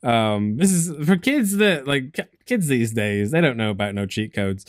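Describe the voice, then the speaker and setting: An English man in his thirties chats loosely about games, circling his point with plenty of "like"s and restarts. His voice sits at an ordinary middle pitch. The recording is dry and close, with no room sound. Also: big pitch swings, moderate pace, no echo. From England. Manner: rambling, lots of "like" and restarts. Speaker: podcast host. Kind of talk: casual chat.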